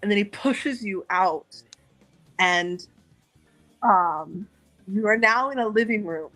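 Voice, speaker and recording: Relaxed woman game master narrating. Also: medium pitch, low-quality recording. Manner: relaxed, unhurried with many fillers. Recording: faint background music.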